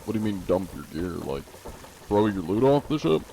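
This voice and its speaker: A man's voice: fairly low pitch, very animated, moderate pace, creaky, dark tone, a little hiss or hum, rough recording. A man streaming a game and chatting with teammates and viewers, role-playing a judge in a teasing, mock-formal way.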